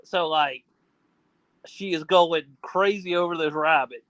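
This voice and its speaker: A man's voice: fairly high pitch, measured pace, fairly bright tone, no echo, poor audio. A man as a podcast guest, chatting casually in a laid-back, storytelling way.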